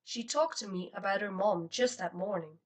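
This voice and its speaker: A woman reading a novel aloud as an audiobook narrator, in an expressive, steady style. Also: mid-range voice, moderate pace, far from the mic, rough recording. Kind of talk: scripted narration.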